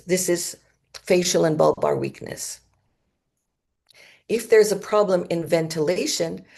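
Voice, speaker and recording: A woman's voice: on the low side, vocal fry, warm tone. A woman giving a lecture at a medical conference in an auditorium, explaining symptoms and now and then imitating them with her own voice. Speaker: conference speaker.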